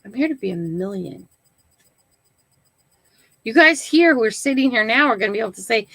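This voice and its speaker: A woman's voice: on the high side, lively intonation, normal speed, long pauses, fairly bright tone, no echo, rough recording. An older woman hosting her own live stream, chatting casually to viewers and often checking in with "right?" and "okay?". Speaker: channel host.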